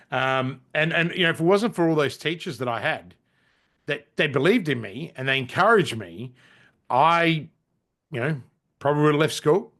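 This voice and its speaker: A middle-aged man with an Australian accent talks in a slightly high voice. He sounds casual and blunt, swears without holding back, and often breaks off and restarts his sentences. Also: a bit bright. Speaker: podcast guest, business strategist. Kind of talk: casual interview storytelling.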